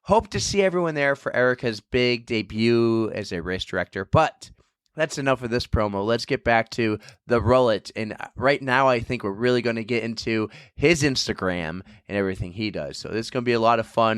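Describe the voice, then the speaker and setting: A man's voice: medium pitch, a little fast, smooth, dry recording, studio quality. A man hosting a running podcast, chatting casually and telling stories with animation. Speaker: podcast host. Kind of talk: casual interview chat.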